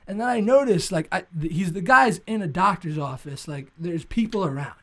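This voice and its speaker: A man's voice: sits high, lively intonation, a little fast, bright, forceful tone. A young man, a stand-up comedian co-hosting a podcast, telling a casual story with lots of swearing and fillers. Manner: rambling, profane, filler-heavy.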